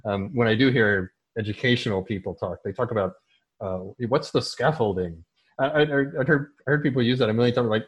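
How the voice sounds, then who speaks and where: A man from the United States, a teacher and soccer coach, answering at length in an interview in an animated way, restarting often and acting out his own thoughts. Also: medium pitch, a little fast, breathy edge.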